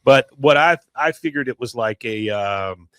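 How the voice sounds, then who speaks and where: Man, podcast host, lively pitch swings, dry close sound, casual chat. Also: measured pace, no room sound. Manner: animated retelling.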